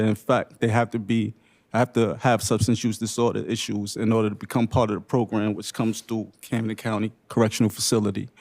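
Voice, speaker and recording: A young man gives unscripted personal testimony at a public briefing. He speaks earnestly in short, halting phrases, and the emotion comes through. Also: lowish voice, darkish tone. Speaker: panelist sharing lived experience.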